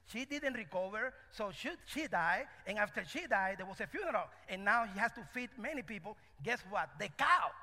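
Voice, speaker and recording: High, bright-voiced preacher man in a hall. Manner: animated, call-and-response questions. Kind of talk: sermon. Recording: echoey hall.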